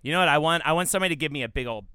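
A podcast co-host riffing absurd jokes in casual comedic chat. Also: male voice, fairly high pitch, lively intonation, very fast, bright, forceful tone, smooth, no echo. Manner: silly, riffs absurd bits.

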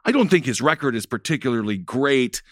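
A man's voice: medium pitch, expressive, a little fast, a bit bright, dry recording, studio quality. Sarcastic man riffing on politics. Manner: sarcastic, rambling, jokey asides. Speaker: co-host of a political talk show. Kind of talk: casual political commentary.

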